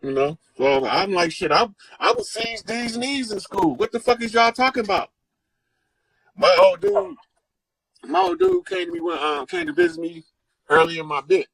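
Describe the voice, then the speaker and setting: A man telling stories in a casual chat, animated and profane, acting out the people he quotes. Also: sits high, normal speed, creaky, husky, no room sound, low-quality recording. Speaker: guest storyteller. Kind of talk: casual storytelling.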